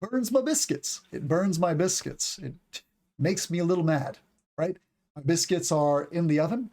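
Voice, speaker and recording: A man's voice: a little high, normal speed, a little mellow. An American man in his forties hosts a live English lesson, chatting loosely between answers to viewer questions. He wanders off topic easily and keeps repeating single words to demonstrate how they should sound. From United States. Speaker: English teacher.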